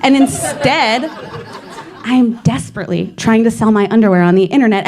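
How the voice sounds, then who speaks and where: A woman's voice: fairly high pitch, normal speed, noisy background. A young woman doing a stand-up set, self-mocking and playful, often breaking into laughter. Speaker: stand-up comedian. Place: comedy club stage.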